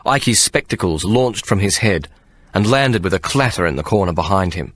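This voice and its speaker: A man narrating an audiobook with measured, expressive storytelling. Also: sits low, no echo. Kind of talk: scripted narration.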